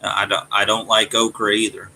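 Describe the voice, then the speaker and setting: A man from Alabama with a Southern accent and a gruff voice, casually chatting with his live-stream viewers and often stumbling over his words. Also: on the low side, level tone, sharp tone, slight background noise, rough recording. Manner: halting, repeats words and restarts. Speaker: streamer reading chat.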